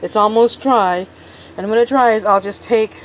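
Slight background noise and poor audio accompany a woman's medium-pitched, moderately paced voice. She's a cooking vlogger giving a casual kitchen demo, chatting away as she works one-handed with her phone, a bit out of breath.

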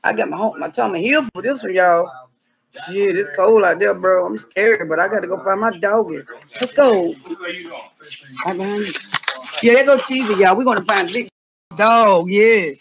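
High-pitched dramatic man. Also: normal speed, gravelly, slight background noise, rough recording. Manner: loud, dramatic, frequent shouts and yelps. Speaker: vlogger. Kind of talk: comedic outdoor vlog.

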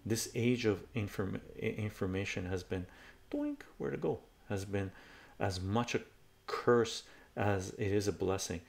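Streamer, male, gravelly tone: animated, swearing commentary. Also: lowish voice, a little slow. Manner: heated and profane, with restarts; animated storytelling. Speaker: live streamer. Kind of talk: casual political commentary rant.

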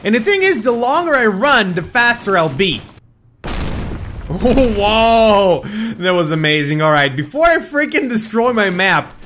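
A young man giving excited, loud gameplay commentary as a gaming video host. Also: high voice, a little slow, slight background noise. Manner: hyped, loud exclamations and laughter. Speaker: gaming YouTuber. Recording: background music under voice.

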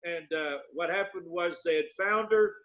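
A man, a guest minister telling a testimony with many pauses and fillers. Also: high-pitched, highs cut off. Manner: halting with many fillers, bursts of excited quoting. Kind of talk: storytelling testimony.

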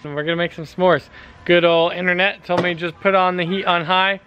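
A man's voice: high-pitched, flat delivery, a little fast, pushed and bright, smooth, muffled recording. A man with an American accent chatting casually to the camera in a family vlog while cooking outdoors at a backyard grill. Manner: easygoing, talks straight to camera. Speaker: family vlogger.

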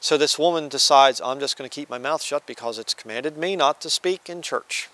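A man's voice: fairly high pitch, fairly quick, sharp tone. A man giving a conversational Bible teaching, reading scripture and acting out quoted voices. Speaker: preacher. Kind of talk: sermon-style Bible teaching.

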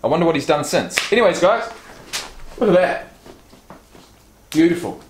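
A man's voice: a little high, sing-song, moderate pace, slight background noise. A man casually unboxing fan gifts on his vlog, reading card stats and a letter aloud and swearing now and then. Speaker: YouTube vlogger. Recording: roomy echo.

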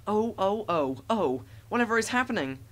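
A man's voice: very animated, slow, heavily acted. A man voicing a gang of silly, noisy freight trucks in a storybook reading, squealing and giggling. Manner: high-pitched squeals and giggles.

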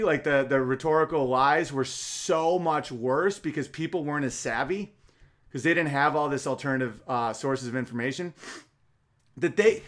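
A man's voice: mid-range voice, a bit bright. A man hosting a podcast, delivering a casual comedic monologue in a rambling, profane, emphatic way.

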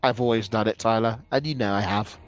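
A young man streaming a game, loud, taunting and profane, bursting into shouts. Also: fairly low pitch, fairly even intonation, brisk, soft background music. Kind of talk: casual gaming banter.

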